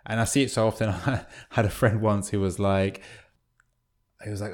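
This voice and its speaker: A man co-hosting a podcast, presenting numbered points in a relaxed, conversational way. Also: fairly low pitch, fairly quick. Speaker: podcast co-host. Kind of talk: casual podcast chat.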